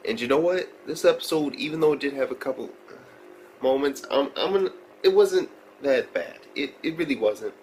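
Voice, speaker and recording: A man's voice: on the high side, moderate pace, slight background noise, rough recording. Profane, slangy male anime reviewer. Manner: profane, slangy, rambling, excitable. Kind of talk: casual video review.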